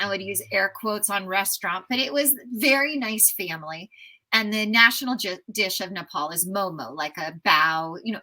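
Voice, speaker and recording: American woman in her 50s, bright voice, eager chatty storyteller on a podcast. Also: mid-range voice, rough recording. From United States. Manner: enthusiastic, animated storyteller. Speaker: travel writer guest. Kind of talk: casual storytelling interview.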